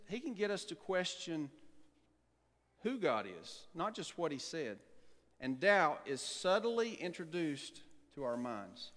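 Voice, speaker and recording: Male pastor, sermon, high-pitched, emphatic rhetorical questions, long reverb of a church hall. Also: a bit bright. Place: church sanctuary.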